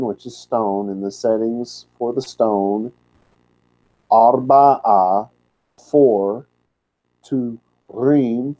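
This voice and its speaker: A man's voice: medium pitch, dark tone, low-quality recording. A man teaching a word-by-word scripture lesson, plainspoken, with candid asides. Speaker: Bible teacher.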